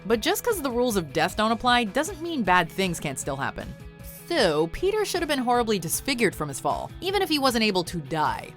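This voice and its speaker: Brief: wry female countdown narrator, animated, soft music under her. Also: on the high side, fairly quick. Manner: wry, lively delivery. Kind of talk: scripted narration.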